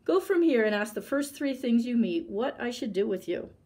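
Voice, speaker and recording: A woman voicing a fierce, hungry male tiger in a storybook read-aloud, speaking loudly with archaic words and growling threats. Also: on the high side, animated, normal speed, husky. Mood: menacing.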